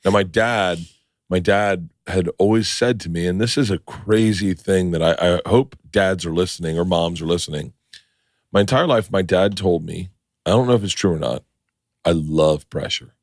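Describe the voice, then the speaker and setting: A man hosting a casual podcast chat, his low voice sitting close and dry on a studio mic. He rambles and gets excitable, swearing freely as the stories build. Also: moderate pace, dry recording. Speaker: podcast host.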